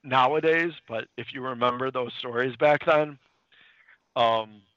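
A man's voice: medium pitch, measured pace, no echo, highs cut off. A man casually recapping a comic book plot on a podcast, rambling with restarts and acting out lines. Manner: animated, dips into quoted character lines. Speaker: podcast co-host.

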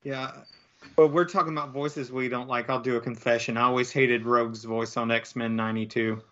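A man of middle pitch with a bright, forceful tone chats playfully and bluntly on a podcast, tossing in quick agreements. The sound is slightly muffled. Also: level tone. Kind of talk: casual podcast chat.

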